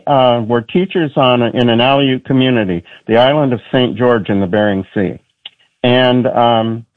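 A man's voice: medium pitch, dry recording. A man calling in to a radio show by phone, telling his story hesitantly. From Virginia, USA. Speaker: caller. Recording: tinny phone line.

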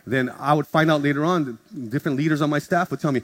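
A man's voice: fairly high pitch, quick pace, hardly any pauses, breathy edge. A male pastor preaching a sermon, telling stories in a casual, joking way and acting out conversations in different voices. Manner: animated, acts out dialogue in shifting voices. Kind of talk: sermon storytelling. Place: church service in front of a congregation. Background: guitar music from the worship team.

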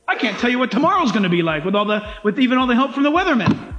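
A male pastor with a very high voice preaches in an animated, emphatic way. A roomy echo hangs around his words in the hall. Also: rapid-fire, lo-fi sound, faint music behind. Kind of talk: sermon.

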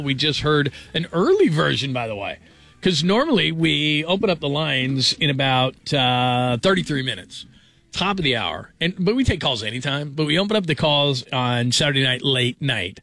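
A man's voice: a little high, expressive, moderate pace, bright, forceful tone, dry recording. A man hosting a late-night sports radio talk show in a rambling, conversational way, with chuckling asides. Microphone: studio broadcast mic.

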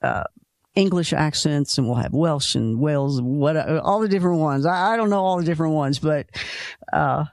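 A man with a slight Kentucky accent hosts a call-in radio show in a loose, rambling way. His voice is gravelly and sits a little high. The sound is close and dry. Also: moderate pace, no room sound. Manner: chatty, rambling, restarts. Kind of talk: casual call-in radio chat.

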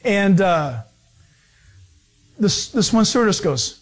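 A man with a notably high voice preaches in a relaxed, conversational way. He leans on everyday stories and acts out the people in them with animation. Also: measured pace, pauses often. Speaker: pastor. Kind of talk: conversational sermon with storytelling.

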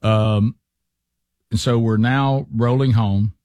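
A middle-aged man, a podcast co-host telling a rambling, animated story in casual chat. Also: mid-range voice, slow, dry recording. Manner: rambling, animated anecdotes with restarts.

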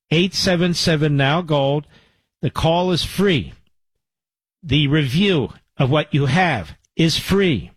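A man hosting talk radio, speaking right into a studio mic with a dry, close sound. He talks in an emphatic, conversational way and leans on repeated points. His voice sits a little above the usual pitch for a man. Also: breathy edge, no room sound. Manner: emphatic, repeats phone number, conversational asides. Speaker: radio talk show host. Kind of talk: talk radio, live ad read and caller segment. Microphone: studio microphone.

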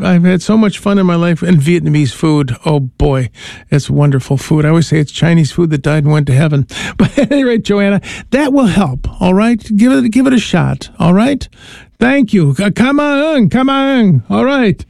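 A man's voice: sits high, vocal fry, a little mellow, no echo, studio quality. An older man, a priest hosting a call-in radio show, giving advice in a chuckling, rambling way with many restarts.

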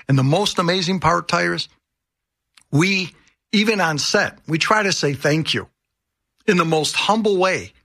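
A man speaks earnestly on a radio show. His voice is slightly high and bright. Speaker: show co-host guest.

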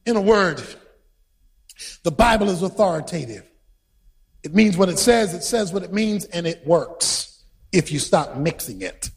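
A preacher with a very high, husky man's voice delivers a lively sermon. He tells stories with energy, throws questions at the congregation and shouts to drive his points home. His pitch leaps up and down as he goes. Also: a little slow, pauses often. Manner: animated storytelling, shouting for emphasis, quizzing the congregation.

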